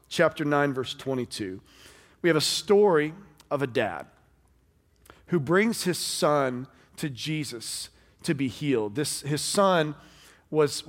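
A man preaching a sermon as pastor, talking in a conversational way that swings between loud and hushed. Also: on the high side. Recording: long hall reverb.

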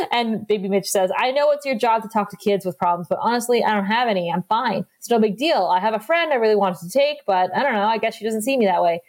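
A woman's voice: medium pitch, darkish tone. A woman co-hosting a casual podcast, retelling scenes with quoted lines and laughing often. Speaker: podcast co-host. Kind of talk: casual recap chat.

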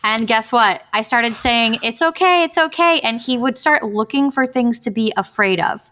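A woman's voice: a little high, fairly even intonation, normal speed, fairly bright tone. A woman co-hosting a pet podcast, chatting casually and often saying "like". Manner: chatty, frequent "like" fillers. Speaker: podcast co-host. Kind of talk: casual chat.

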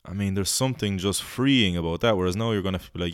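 A man's voice: low-pitched, fast talker, smooth, no echo, clean studio sound. An Irish man hosting a podcast, rambling comically, swearing a lot and slipping into silly voices. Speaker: podcast host. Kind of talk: casual comedic monologue.

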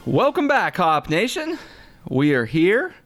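A man's voice: high-pitched, wildly swooping pitch, takes it slowly, a bit bright, soft background music. Man, podcast co-host, casual beer chat, playful, jokey. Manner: playful, jokey, sings snippets of lyrics.

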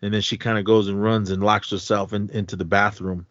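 Man recapping a horror film, low voice. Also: level tone, fairly bright tone, no echo. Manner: retells scenes with quick acted-out quotes. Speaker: podcast co-host. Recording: dull dry podcast audio.

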